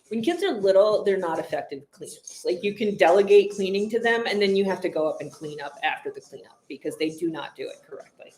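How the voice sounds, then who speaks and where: A woman in her forties chats on a home livestream, her pitch swinging widely as she reacts. She is blunt and sarcastic and talks back at the screen. The room is echoey. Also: a little mellow. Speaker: livestream host. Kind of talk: casual live reaction chat.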